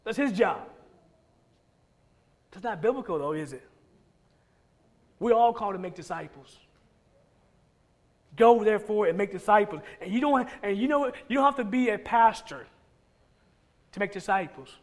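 A man's voice: high voice, lively intonation, moderate pace, long pauses, a little mellow. A male pastor preaching a sermon, emphatic and repetitive, firing off rhetorical questions.

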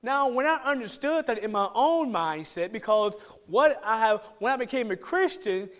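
High-voiced pastor preaching casually. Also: male voice, animated, normal speed. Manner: asks many rhetorical questions; informal, joking with the congregation. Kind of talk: conversational sermon.

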